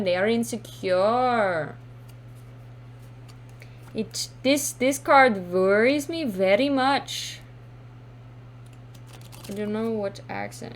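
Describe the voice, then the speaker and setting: A woman's voice: mid-range voice, slight background noise. A woman doing a casual tarot card reading to camera, thinking aloud with sassy exclamations and casual swearing. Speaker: tarot reader.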